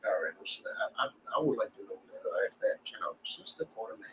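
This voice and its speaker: A man's voice: on the low side, wildly swooping pitch, quick pace, gravelly, fairly bright tone, recorded from a distance, slight background noise, low-quality recording. A man teaching a scripture class in a blunt, preachy way, full of rhetorical questions.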